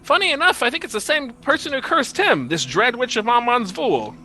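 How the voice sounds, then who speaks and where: A man's voice: extremely high pitch, animated, fairly quick, pushed and bright, slight background noise, pitched above the performer's own voice, full character voice, poor audio. A man voicing a boastful young prince, freshly freed from a curse, who tells his tale in a rambling, self-important way. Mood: storytelling.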